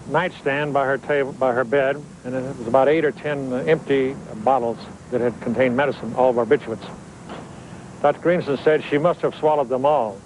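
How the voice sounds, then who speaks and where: Older ex-cop being interviewed, flat matter-of-fact telling, faint room noise. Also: male voice, medium pitch, rough recording. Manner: plain, matter-of-fact recounting with hesitations. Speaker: retired police officer interviewed. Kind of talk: interview testimony.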